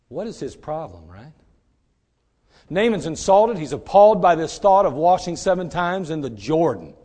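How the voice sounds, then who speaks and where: Guy preaching, high voice that jumps all over, gets loud then drops real quiet, dramatic. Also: expressive, normal speed. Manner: dramatic, acts out biblical figures, swings from loud to hushed. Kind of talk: sermon.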